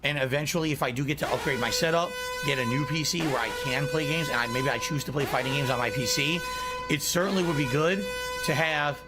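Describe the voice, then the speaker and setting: A man's voice: fairly high pitch, quick pace, loud music behind the voice. A male streamer chatting casually and reading out messages from his chat.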